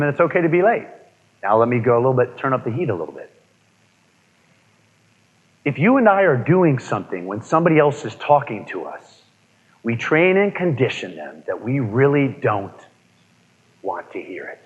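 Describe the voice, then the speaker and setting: A man giving a live motivational seminar, energetic, asking the room questions and repeating key points. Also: mid-range voice, breathy edge. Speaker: motivational speaker. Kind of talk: live seminar talk to an audience. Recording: dull lo-fi audio with long reverb.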